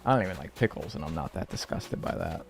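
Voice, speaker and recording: A young man streams and chats in a loose, joking way while reacting to his viewers. His pitch swings widely as he talks. Faint music plays quietly underneath. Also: lively intonation, quick pace, creaky. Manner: laid-back, joking, reacting to chat. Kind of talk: casual live-stream chat.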